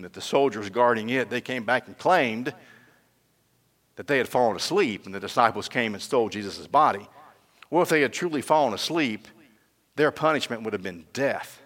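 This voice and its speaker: Bright-voiced pastor preaching in a reverberant hall. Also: male voice, fairly low pitch. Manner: storytelling, rising to emphatic peaks. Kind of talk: sermon.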